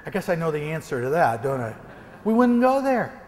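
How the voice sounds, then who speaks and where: A motivational speaker from the American Northwest, a man, telling a lively story during a keynote and acting out gunshots. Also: a little high, brisk, in a large hall, slight background noise. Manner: animated, acts out gunshots and quoted voices. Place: large hall before an audience.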